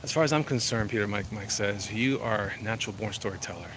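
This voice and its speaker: Over heavy background noise, a man with a fairly low voice talks fast during an outdoor walk-and-talk livestream. He reads viewers' chat messages aloud, jokes around, rambles and frequently cuts himself off to restart.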